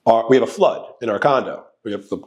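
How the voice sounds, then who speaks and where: A man co-hosting a podcast, telling a story in quick, loose, casual chat. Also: mid-range voice, expressive, lo-fi sound. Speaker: podcast co-host, real estate agent.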